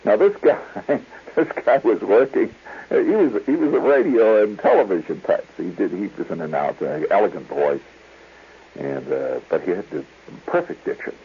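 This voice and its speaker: A man's voice: lowish voice, animated, moderate pace, breathy edge. A man hosting a radio show, telling a digressive story in a chuckling, storytelling way. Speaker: radio host. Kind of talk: rambling storytelling monologue. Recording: tinny 1970s radio broadcast.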